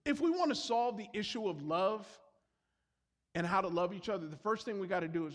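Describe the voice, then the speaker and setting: A man with a high voice preaches to his church, telling confessional stories with self-deprecating humor. His words carry a long reverb through the hall. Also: animated, fairly quick. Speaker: pastor. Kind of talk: sermon.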